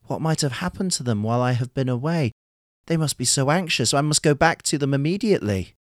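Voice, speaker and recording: A man's voice: mid-range voice, expressive, a little fast, dry recording, studio quality, voice pushed up, close to an everyday voice. Man doing an earnest young fisherman, heartfelt. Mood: anxious.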